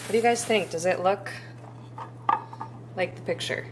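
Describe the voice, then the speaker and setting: A woman's voice: medium pitch, normal speed, slight background noise. A young woman chatting casually to the camera in a home vlog, bubbly and full of "like". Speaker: vlogger. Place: at home, kitchen and bedroom.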